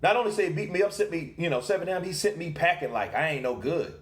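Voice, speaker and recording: A man's voice: fairly high pitch, expressive, fast talker, echoey room, voice pushed up, natural voice. A man doing an impression of a brash adult male heavyweight boxer who talks in a rambling, evasive way, full of "you know.". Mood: indignant. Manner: rambling and evasive, loaded with fillers.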